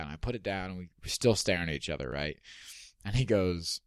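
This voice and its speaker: A male comedian telling a story in casual chat, animated, swearing freely and acting out the voices of people he quotes. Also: low-pitched, brisk, smooth, dry recording, studio quality.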